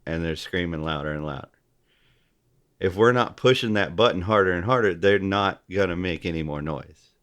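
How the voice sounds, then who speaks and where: A man as a podcast guest in casual political chat, halting and often restarting his sentences. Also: deep voice, fairly bright tone, dull audio. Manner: halting, repeats and restarts, gropes for names.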